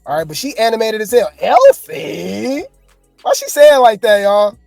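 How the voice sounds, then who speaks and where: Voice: mid-range voice, very animated, fast, a little mellow, no echo, soft background music. A host giving casual, slangy reaction commentary, chatting and joking with viewers.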